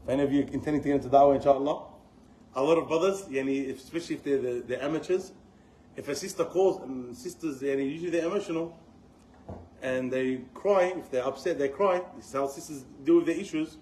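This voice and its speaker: A middle-aged man giving a religious lesson, telling stories in an animated way and mixing in Arabic phrases. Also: mid-range voice, fast talker, slight background noise, rough recording. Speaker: Islamic teacher.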